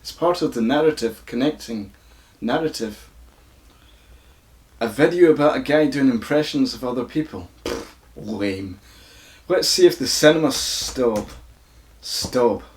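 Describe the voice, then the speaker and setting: A Scottish YouTuber with a croaky voice, casually flubbing takes and swearing at his own mistakes. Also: medium pitch, a little mellow. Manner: swears freely at his own flubs, self-mocking.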